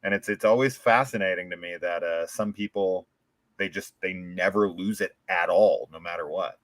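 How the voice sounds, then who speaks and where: A man's voice: sits low, moderate pace, a bit bright, no room sound. An American man chatting casually as a podcast host, rambling with lots of "like" and restarts. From United States. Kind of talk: casual chat.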